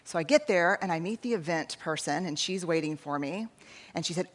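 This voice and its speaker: A woman in her forties with a Texan accent speaks in a fairly low voice, telling a story on stage to a crowd in a keynote talk. Her delivery is conversational and self-deprecating, and she acts out snippets of dialogue as she goes. The sound rings with the long reverb of a large hall. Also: fairly quick. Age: 40s. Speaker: researcher and speaker.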